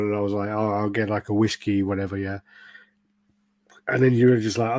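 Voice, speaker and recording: A man's voice: lowish voice, steady tone, brisk, long pauses, darkish tone, dry recording. A British man hosting a podcast, telling stories in casual chat, swearing and acting out quotes. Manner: swearing storyteller, acts out quotes. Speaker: podcast host.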